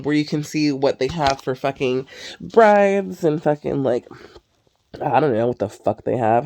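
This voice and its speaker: A woman's voice: extremely low pitch, mellow. A young woman host chatting casually and candidly, rambling and swearing freely. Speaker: podcast host. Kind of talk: casual chat.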